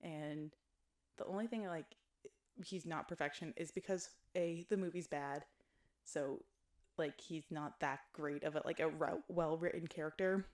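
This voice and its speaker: Woman host for a chatty video: blunt, jokey, animated delivery, slightly low pitch. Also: a little slow. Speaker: YouTuber reviewing films. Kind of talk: casual chat.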